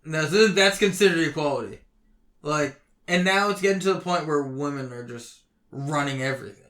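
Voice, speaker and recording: A young man ranting heatedly on a casual podcast, swearing constantly and swinging between loud outbursts and low mutters. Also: normal speed. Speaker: podcast co-host.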